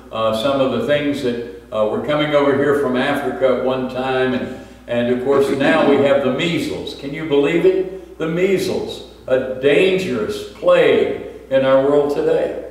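An older man preaching a sermon in a church, measured and explanatory, pausing often with "uh". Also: medium pitch, darkish tone. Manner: measured, explanatory, with frequent "uh" pauses. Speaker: pastor. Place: church sanctuary. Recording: echoey church from far off, faint background hiss.

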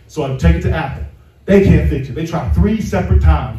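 High-voiced male pastor in a roomy hall. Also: brisk, distant mic, dull audio. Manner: animated, chuckling storyteller who acts out dialogue. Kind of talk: sermon with personal storytelling. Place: church sanctuary.

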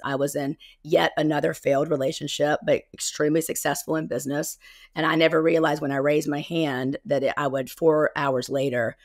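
A woman's voice: low-pitched, no echo, studio quality. A woman in her fifties from South Carolina with a Southern accent, talking candidly and rambling a little as a guest over a video call. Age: 50s. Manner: candid, rambling, self-correcting. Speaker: guest, embodiment coach. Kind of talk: casual interview.

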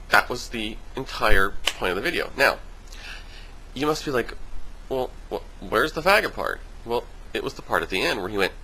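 A man venting on his video blog in a casual, animated way, swearing freely and mimicking other people in high voices. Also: moderate pace, a little hiss or hum, low-quality recording. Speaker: vlogger. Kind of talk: casual vlog rant.

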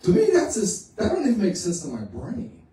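A man's voice: high-pitched, huge pitch swings, moderate pace, dark tone. A man pastor preaching a sermon in a folksy, conversational way, often repeating his phrases. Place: church sanctuary. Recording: echoey room, voice from far off.

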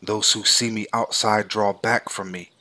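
A man giving a measured, solemn scripted reading of scripture. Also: lowish voice, fairly even intonation, sharp tone. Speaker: scripture reader.

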